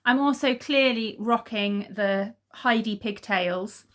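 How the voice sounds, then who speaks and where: A woman's voice: on the high side, slow, a bit bright. A woman chatting casually to camera in a home vlog, rambling along with lots of ums. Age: adult mother. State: out of breath. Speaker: vlogger.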